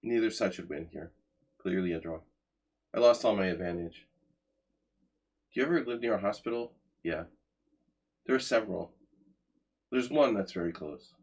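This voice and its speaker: A man's voice: sits low, normal speed, pauses often, husky. A man in his forties giving sardonic, chatty commentary while he plays chess on a live stream and talks to his chat.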